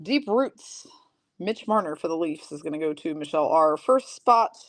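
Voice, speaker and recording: Low-voiced woman calling card break hits. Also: animated, normal speed. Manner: rattles off player and team names, chatty asides to viewers. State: coughing and clearing her throat. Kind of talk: live-stream card break commentary.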